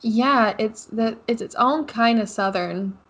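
Wry, slightly husky woman co-host. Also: a little high, slow, a bit bright. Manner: wry, joking, giggly. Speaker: podcast co-host. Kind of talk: casual chat.

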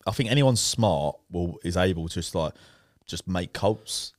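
A young man co-hosting a podcast in casual, laid-back and sweary banter with quick asides. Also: low-pitched, expressive, no room sound, studio quality. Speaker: podcast co-host.

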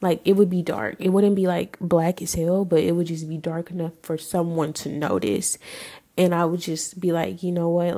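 Speaking on the low side with a mellow sound, a woman in her twenties recounts her own experiences on her podcast. The monologue is frank and emotional, with swearing dropped in casually.

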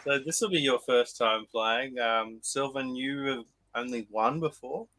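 Bright-voiced Australian man hosting. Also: medium pitch, measured pace, a faint crowd. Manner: upbeat, leads the talk and explains rules. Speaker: podcast host. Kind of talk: casual podcast chat, quiz hosting.

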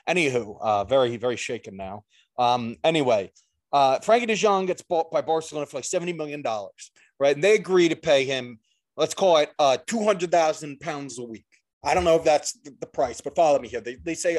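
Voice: mid-range voice, animated, fairly quick. A podcast host in casual chat, ranting with sarcastic, profane asides.

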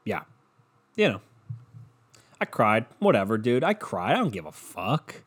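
A man's voice: on the low side, sing-song, a little slow, husky. A man hosting a solo podcast from his bedroom, talking in a rambling, profane, jokey way. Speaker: podcast host. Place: bedroom, in the dark. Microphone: microphone.

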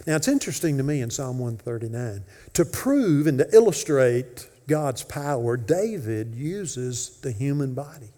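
A man, a pastor, preaching a sermon with dynamic swings from loud emphasis to hushed whispers. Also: mid-range voice, sing-song, a little slow, few pauses, in a large hall. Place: church sanctuary.

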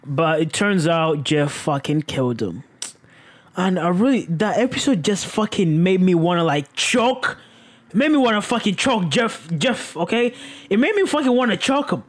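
A speaker casually recapping a crime show, animated and profane, often jumping to high exclaims. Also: unhurried. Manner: animated, swearing, exclamatory, with sudden leaps in pitch.

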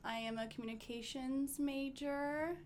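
A woman's voice: high voice, fairly even intonation, unhurried, a little mellow, a little hiss or hum. A young college woman, a podcast guest, answering questions in a hesitant, thoughtful way. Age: young adult. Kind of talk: casual interview.

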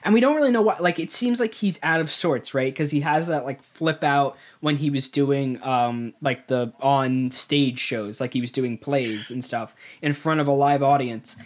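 A man's voice: medium pitch, normal speed, hardly any pauses. A man co-hosting a casual movie review podcast, talking things through with repeated words and chuckles. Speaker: podcast co-host.

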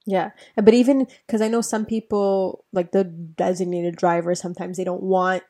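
A young woman chatting with friends, rambling and halting with many fillers. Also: lowish voice, steady tone, mellow. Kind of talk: casual chat among friends.

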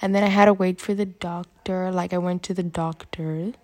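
A teenage girl with a runny nose talks on her own podcast, rambling and stacking up fillers. Her voice sits a little low for her age. The sound is dry and close, with no room around it. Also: steady tone, normal speed, a little mellow, dry recording. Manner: rambling, filler-heavy storytelling with laughs. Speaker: podcast host. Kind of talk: casual solo podcast chat.

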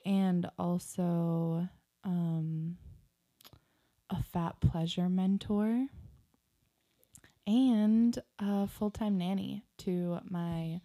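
Young woman podcast co-host, unhurried and grounded, pausing often, fairly low warm voice. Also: fairly even intonation. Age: young adult. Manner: slow, grounded, pausing with many fillers. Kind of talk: casual chat.

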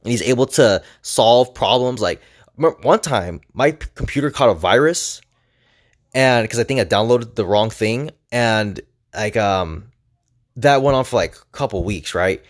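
A man's voice: medium pitch, animated, measured pace. A young man casually telling a rambling personal story to camera, full of "like" and restarts. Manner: rambling, filler-heavy with frequent "like". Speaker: vlogger.

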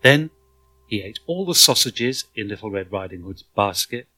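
A man reading a children's story aloud in an expressive, dramatic manner. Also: lowish voice, moderate pace, dry recording, poor audio.

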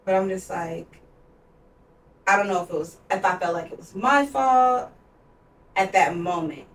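An unhurried young woman in her twenties with a mid-range voice co-hosts a podcast. Her personal story comes out candid and emotional, stuffed with "like." It's recorded in a roomy space, far from the mic.

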